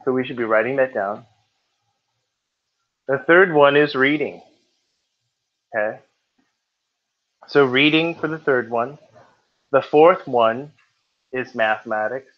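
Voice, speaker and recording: Another muffled, lo-fi classroom clip features a male test-prep tutor with a mid-range voice who speaks slowly, with long pauses. Conversational and relaxed, he jokes with the roomful of students in between points of the lesson.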